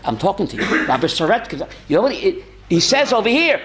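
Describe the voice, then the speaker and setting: A man, a rabbi teaching a lively Torah class, asking rhetorical questions and calling on students by name, often chuckling. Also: high-pitched, fairly quick.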